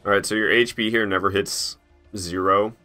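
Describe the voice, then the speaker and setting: A man talks loosely through a game stream from his garage, drifting between topics and cursing casually. His voice sits a bit low but sounds bright and forceful. Faint music plays under him. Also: steady tone, normal speed. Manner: rambling, swears freely, laughs at himself. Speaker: gaming streamer. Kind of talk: casual live-stream chat while playing.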